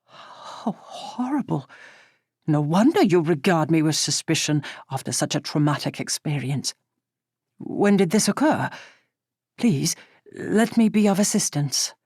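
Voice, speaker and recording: A woman voicing a tactful, gentle gentleman who speaks formally and politely. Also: low voice, lively intonation, unhurried, breathy edge, dry recording, clean studio sound, full character voice. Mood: sorrowful. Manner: polite, formal Regency speech.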